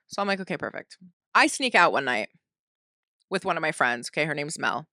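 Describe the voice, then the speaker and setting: A young woman hosting a podcast, telling a story in a casual, animated way, filled with "like" and swearing. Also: on the low side, fast, no echo, clean studio sound. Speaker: podcast host.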